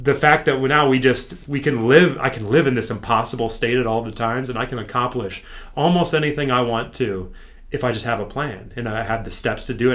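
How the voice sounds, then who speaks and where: An American man, a podcast guest, telling his story in casual chat and acting out what his trainer told him. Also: medium pitch. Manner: animated, acts out his trainer's lines.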